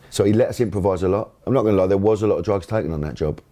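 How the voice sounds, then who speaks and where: A man's voice: sits low, very fast, warm tone. A middle-aged man, telling candid interview anecdotes in a blunt, open way, swearing freely. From England. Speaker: actor interviewee.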